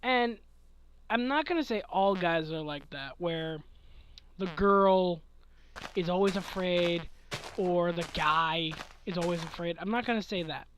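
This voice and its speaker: Sleepy young man rambling slowly. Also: high voice, fairly bright tone, slight background noise, rough recording. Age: 20s. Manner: rambling, chuckling, trailing off mid-thought. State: sleepy, yawning. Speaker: gaming channel host answering questions. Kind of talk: casual late-night Q&A chat.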